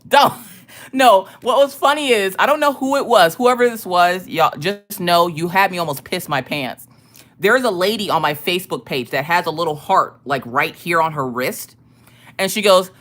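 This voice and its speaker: Woman streamer, low voice that swings widely, casual, salty storyteller. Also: moderate pace. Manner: animated, profane storytelling with frequent laughter. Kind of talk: casual live-stream chat.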